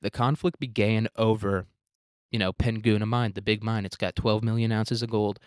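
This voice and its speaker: A man with a low voice talks through history in a loose, irreverent way. He swears freely and slips into quick voices for the people he describes. The sound is close and dry. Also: steady tone, smooth, no echo. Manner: irreverent and profane, acting out quoted characters. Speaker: podcast host. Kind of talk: casual history commentary.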